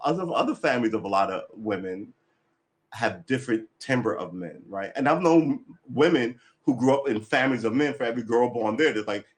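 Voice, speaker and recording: A man talks loosely to his livestream audience, jumping between thoughts. He is blunt and opinionated, curses casually and laughs often. His pitch sits in an ordinary middle range. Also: animated, fairly quick. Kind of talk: casual rambling chat.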